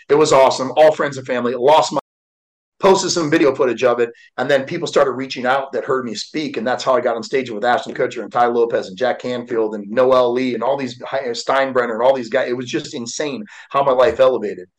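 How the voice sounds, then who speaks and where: A man's voice: medium pitch, fairly even intonation, fast, low-quality recording. Candid man in his forties, heartfelt. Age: 40s. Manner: candid and heartfelt, with frequent fillers. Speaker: guest, motivational speaker and author. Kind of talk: emotional personal storytelling.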